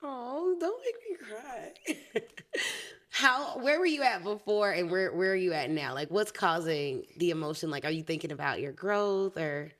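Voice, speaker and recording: A woman's voice: expressive, normal speed, hardly any pauses. A woman hosting a podcast who interviews her guest with short affirmations, then reads an upbeat promotion. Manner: warm affirming listener, upbeat pitch in the promo. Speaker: podcast host, business coach. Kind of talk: conversational interview and ad read.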